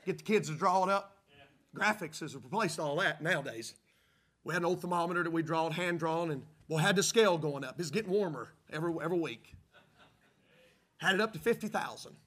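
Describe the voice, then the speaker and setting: A man's voice: fairly high pitch, brisk, a bit bright. A man preaching a sermon, telling a folksy story and working up to fervent preaching. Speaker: pastor.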